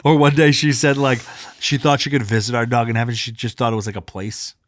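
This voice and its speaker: A man's voice: medium pitch, fairly even intonation, quick pace. A man, co-hosting a podcast in casual chat and rambling through stories with lots of fillers. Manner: rambling, frequent fillers, laughs at own stories. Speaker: podcast co-host.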